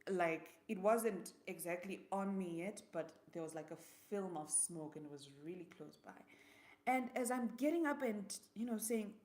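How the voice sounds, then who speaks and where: A woman's voice: mid-range voice, expressive, moderate pace, darkish tone. A young woman, telling a personal story in a live vlog, slipping into Shona words as she goes. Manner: vivid storyteller, slips into Shona. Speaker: vlogger and host.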